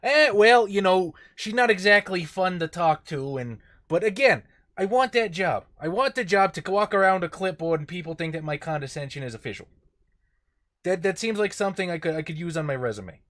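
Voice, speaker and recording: A man's voice: high voice, animated, a little fast, fairly bright tone. A man playing a tabletop game, bantering wryly in character. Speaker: player.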